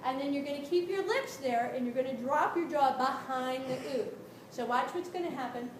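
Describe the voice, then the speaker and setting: Brief: high-pitched woman vocal coach, brisk group lesson, sung demos, heard from afar in an echoey, noisy classroom. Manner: brisk, encouraging, checks in with "right?"; sings demonstration notes. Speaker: vocal instructor. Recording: echoey room from a distance, noisy.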